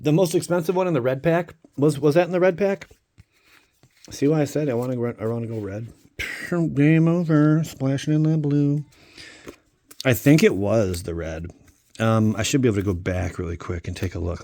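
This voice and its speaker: A man's voice: medium pitch, warm tone. A man hosting a casual card-opening vlog, joking and talking straight to his viewers; he is a father of a young child. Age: adult father of a young child. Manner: playful, jokey, talks to viewers. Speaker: channel host opening card packs.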